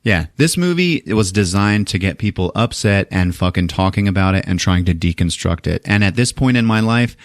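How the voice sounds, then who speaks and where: A man hosting a podcast, retelling a film plot in casual, profane, animated detail. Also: deep voice, fairly quick, hardly any pauses, no echo, clean studio sound. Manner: animated, profane storytelling with acted quotes. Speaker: podcast host. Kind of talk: casual movie recap.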